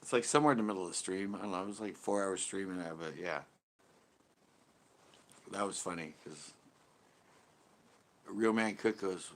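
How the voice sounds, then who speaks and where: A man's voice: low voice, normal speed, long pauses. A man co-hosting a live stream, rambling and laughing through casual jokey chat.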